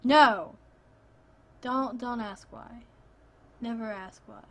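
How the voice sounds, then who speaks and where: Woman streamer, chatty and joking, slow easy pace, faint hiss behind. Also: fairly high pitch, fairly bright tone. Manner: joking and chatty, quick to laugh. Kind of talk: casual chat while playing.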